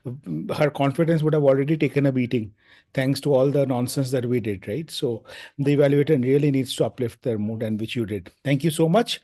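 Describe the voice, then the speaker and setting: Indian guy on a video call, chatty and jokey, lots of uhs, voice a bit high. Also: dark tone. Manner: joking, conversational, many fillers. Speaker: general evaluator. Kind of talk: meeting chairing and feedback. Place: online video meeting.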